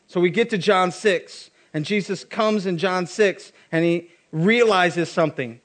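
A man's voice: high-pitched, unhurried, few pauses. A man preaching a sermon as a pastor, casual with joking asides.

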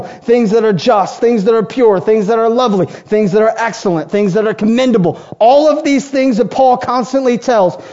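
A man's voice: sits high, a little mellow, dull audio. A man preaching as pastor, emphatic and repeating key phrases as he builds his lists. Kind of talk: sermon.

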